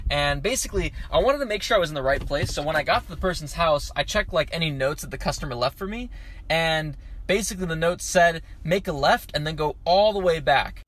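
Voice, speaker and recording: A young man, a food delivery driver, telling a story in a casual vlog, animated and acting out the people in it, swearing casually. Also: on the high side, fairly quick. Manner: animated, acts out quoted voices, swears casually.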